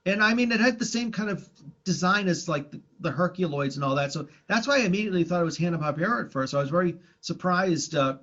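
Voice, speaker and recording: A man with a slightly raised pitch talks casually on a podcast, circling his points with fillers and restarts. The recording sounds dull and lo-fi. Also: lively intonation, fast, bright, forceful tone. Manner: rambling, many restarts and fillers. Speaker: podcast co-host. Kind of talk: casual chat about old cartoons.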